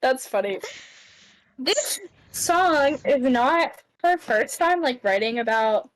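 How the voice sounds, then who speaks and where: Lively young woman leading a chat. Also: high voice, takes it slowly, poor audio. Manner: easygoing, laughs often, guides the talk. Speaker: podcast co-host. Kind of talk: casual chat.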